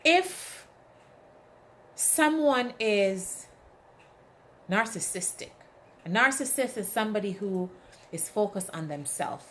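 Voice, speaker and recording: A woman's voice: medium pitch, unhurried, long pauses. A woman giving an inspirational talk, speaking emphatically and telling stories with acted-out quotes. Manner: emphatic, asks the audience "right?"; animated storytelling with acted quotes. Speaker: motivational speaker.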